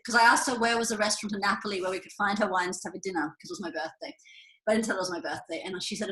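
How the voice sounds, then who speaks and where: A woman's voice: medium pitch, steady tone, very fast, a bit bright. A woman in her thirties with an Australian accent, chatting as a guest on a video call, telling stories with frequent laughs. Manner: chatty storyteller, laughs often, trails off. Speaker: guest winemaker. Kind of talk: casual chat on a video call. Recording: echoey room over a video call.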